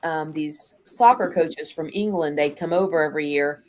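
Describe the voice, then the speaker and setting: A woman's voice: low-pitched, moderate pace. A woman hosting a casual live chat stream over a video call, chatty and laughing easily. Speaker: host.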